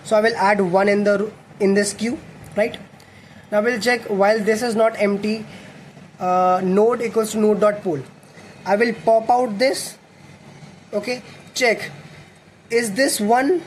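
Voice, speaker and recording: A man's voice: high voice, steady tone, a little slow, long pauses. A young man teaches a coding lesson, thinking aloud and correcting himself as he writes code. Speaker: coding tutor. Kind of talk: explaining code while writing. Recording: faint background noise.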